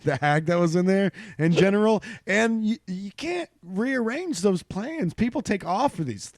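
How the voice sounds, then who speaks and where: Guy cohosting a comedy podcast, lively, swears a lot, dry close sound. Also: high voice, measured pace, dry recording. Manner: animated, swearing, laughs a lot. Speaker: podcast co-host. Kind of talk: casual comedy chat.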